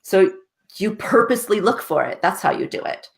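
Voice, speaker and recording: A woman's voice: mid-range voice, sing-song, normal speed, vocal fry. A woman guest on a podcast, earnestly telling her story in a casual way and often asking "right?" with a light laugh. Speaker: guest, success coach.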